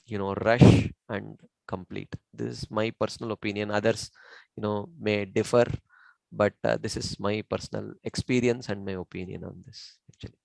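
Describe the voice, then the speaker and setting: A man teaching scripture in an informal discussion, measured and explanatory, with many fillers. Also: on the low side, vocal fry, no echo, low-quality recording.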